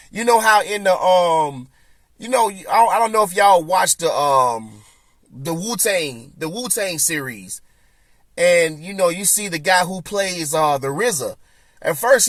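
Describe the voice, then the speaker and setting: A man's voice: fairly high pitch, fairly bright tone, dry recording. A man hosting a podcast, chatting loosely and rambling with lots of fillers. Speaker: podcast host. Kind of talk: casual chat.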